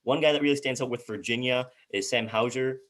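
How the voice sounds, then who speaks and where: A man's voice: mid-range voice, steady tone, fairly quick, fairly bright tone. A man co-hosting a casual sports chat, reading out team records and stumbling over player names. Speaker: co-host.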